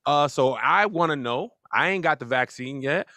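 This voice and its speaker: A man's voice: a little high, expressive, moderate pace, pushed and bright, no echo. A man hosting a talk show in a loose, joking way, introducing a guest and asking questions. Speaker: host.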